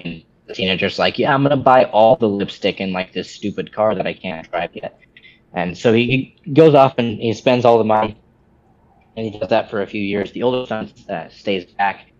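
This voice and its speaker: A man with a lowish voice co-hosts a casual podcast, talking loosely with frequent restarts and false starts. The sound is a little dull and lo-fi. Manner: rambling, many restarts, animated when quoting. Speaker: podcast co-host.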